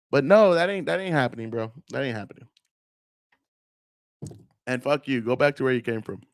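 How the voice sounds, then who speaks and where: A man's voice: mid-range voice, a bit bright, no echo, clean studio sound. A man hosting a casual political rant, profane and rambling, often mocking the people he talks about. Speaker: political commentary host.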